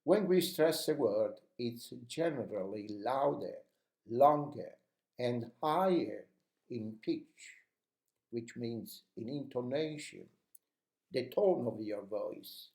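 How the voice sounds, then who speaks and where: رجل يشرح دروس التحدث بالإنجليزية بنبرة مشجعة وبطيئة، في تسجيل داخل غرفة ذات صدى. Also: male voice, medium pitch, expressive, slow pace, darkish tone, echoey room. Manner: encouraging, coaching tone. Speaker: English speaking coach. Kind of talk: instructional video lesson.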